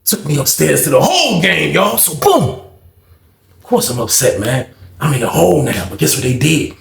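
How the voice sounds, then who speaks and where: A young man casually telling a story in slang, animated and acting out the voices of others. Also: medium pitch, fairly quick, gravelly, echoey room.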